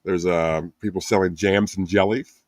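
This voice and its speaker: A man's voice: low voice, fairly even intonation, moderate pace, no echo. A man co-hosting a casual podcast, rambling with many restarts and chuckles. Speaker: podcast co-host. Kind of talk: casual chat.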